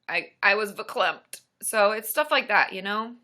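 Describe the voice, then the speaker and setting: A woman's voice: mid-range voice, lively intonation, normal speed, few pauses, pushed and bright. A woman hosting a casual live stream, chatting with viewers and reading their comments in a rambling, friendly way. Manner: chatty and rambling, with many fillers and asides to viewers.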